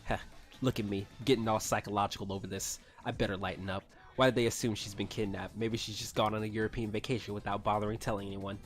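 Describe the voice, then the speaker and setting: Male reader, lowish voice, casual read-along with sarcastic swearing asides; faint background music. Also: flat delivery, quick pace. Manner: sarcastic asides, swears, stumbles over words. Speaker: YouTuber reading fanfiction aloud. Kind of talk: casual reading with commentary.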